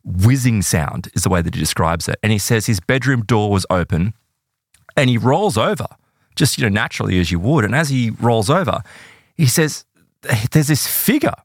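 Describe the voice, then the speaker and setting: A man telling an eerie true story in a casual podcast chat, animated and full of "right?" and "like". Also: lowish voice, normal speed, no echo, clean studio sound.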